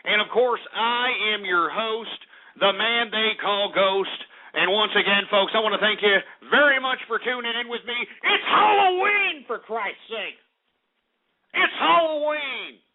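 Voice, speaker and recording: On an angry talk radio show, a man with a high-sitting voice rants at normal speed, furious and profane, shouting insults and cursing at his targets. The broadcast sounds tinny and phone-like.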